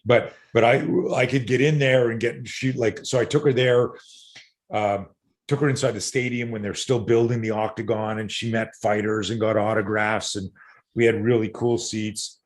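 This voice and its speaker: A middle-aged man, a self-defense coach, telling stories as a podcast guest in an animated way, swearing casually and full of fillers. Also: on the low side, moderate pace.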